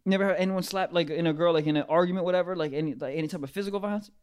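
A man laughing and reacting loudly in casual crude podcast banter. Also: high voice, racing, clean tone.

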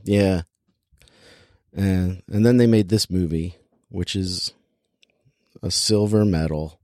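In a deep, dark-toned voice with fairly even intonation, a man speaks slowly as he casually reviews a film for a podcast chat. He rambles and fills his speech with "like," breaking off and restarting his sentences. The sound is clean studio quality with no echo.

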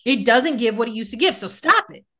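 A woman with a slightly high voice chats on a podcast about reality-show drama. She presses her opinions hard and says them twice to drive them home. Her talk is casual and blunt. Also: expressive, a little fast, sharp tone. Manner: emphatic, repeats points for effect. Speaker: podcast guest host. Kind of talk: casual gossip chat.

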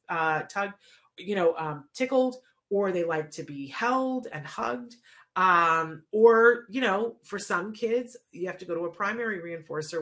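A woman's voice: mid-range voice, a bit bright. A woman explaining a teaching method in a casual, chatty way, often checking in with "right?".

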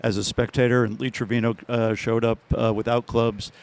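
A man with a mid-range voice and a gravelly fry speaks briskly. He drops short, dry comments into a podcast conversation. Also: medium pitch, little pitch movement, a little mellow. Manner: dry, quick interjections. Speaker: golf writer, panelist. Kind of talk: casual podcast chat.

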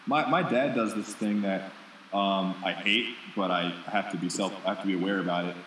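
A man's voice: deep voice, moderate pace, fairly bright tone, reverberant, recorded from a distance, a little hiss or hum, poor audio. A man co-hosting a casual podcast, telling a long candid story with self-deprecating asides.

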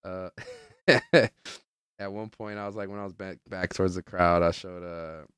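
A man's voice: low-pitched, steady tone, a little slow, a bit bright, clean tone, no echo, clean studio sound. A young man hosting a podcast, chatting casually in a rambling, profane way with lots of filler words and acting out the people in his stories. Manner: loose storyteller who plays out the people in his stories. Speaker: podcast host. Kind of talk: casual chat.

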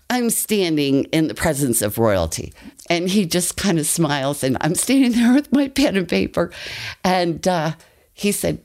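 An older woman telling a personal story as a guest, in an animated, breathless way. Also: on the low side, unhurried. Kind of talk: personal anecdote.

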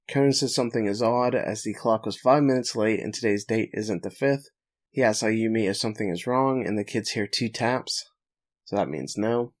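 Speaking at normal speed in a lowish voice, a man goes over an anime episode on a podcast. He narrates plot points, then breaks into jokes and laughter in a casual recap.

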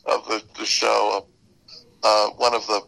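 A man with a gravelly, bright voice chats as a guest, telling lively stories. He laughs often and slips into quick impressions of the people he quotes. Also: lowish voice, poor audio. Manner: animated storyteller, laughs often, acts out quotes. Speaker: guest, musical writer. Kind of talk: casual interview chat.

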